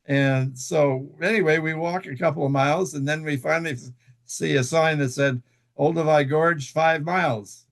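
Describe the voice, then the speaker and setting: A man telling a long personal story as an interview guest, halting, with many fillers and restarts. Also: fairly high pitch, fairly even intonation. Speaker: guest author.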